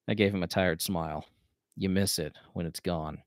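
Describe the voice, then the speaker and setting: A man reading his own novel aloud, with plain, steady narration. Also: low-pitched, normal speed, dry recording, clean studio sound. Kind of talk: audiobook-style reading aloud.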